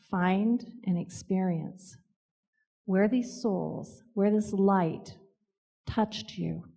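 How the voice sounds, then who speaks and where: A woman telling personal stories in a gentle, reflective way, with pauses. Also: fairly low pitch, in a large hall, dull audio. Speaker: co-author and speaker. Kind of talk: storytelling talk.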